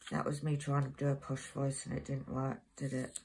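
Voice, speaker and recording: A woman's voice: rumbling low, monotone, moderate pace, gravelly, background noise. A woman hosting a crafting channel, chatting in a rambling way and reading out codes as she works. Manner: rambling, chatty, reads out codes while working. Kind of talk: casual crafting chat. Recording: loud crinkling of packets behind.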